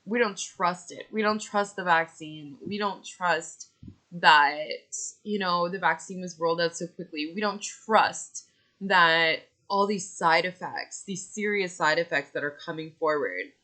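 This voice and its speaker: Angry woman in her thirties ranting at the camera, cussing a lot, bright sharp voice. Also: on the low side, a little slow. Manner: furious, swearing, venting in bursts. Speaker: vlogger. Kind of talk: angry personal rant to camera.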